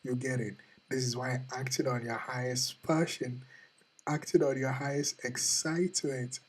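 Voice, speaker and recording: Casting: male host, husky voice, earnest motivational speaker who keeps repeating questions straight to camera. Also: medium pitch, flat delivery, normal speed, rough recording. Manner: earnest, repetitive, questioning the listener. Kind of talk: motivational talk.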